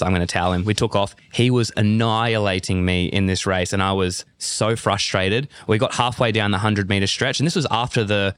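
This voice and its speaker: A man's voice: fairly low pitch, no echo. A man in his thirties from Australia with an Australian accent, a guest athlete telling stories in a casual interview. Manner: animated storyteller, acts out remembered dialogue.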